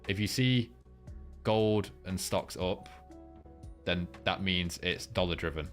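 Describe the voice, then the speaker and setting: Speaking slowly in a low, somewhat bright voice over faint background music, a young man hosts a laid-back live market breakdown. As a trading livestream host, he rambles, swears freely, and drops ums while he goes through chat.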